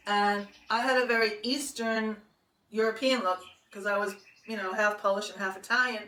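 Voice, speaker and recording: A woman's voice: mid-range voice, steady tone, normal speed, pushed and bright. A woman in her sixties telling a long personal story in a chatty, rambling way, often laughing. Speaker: podcast host. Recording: roomy, distant from the mic, faint noise.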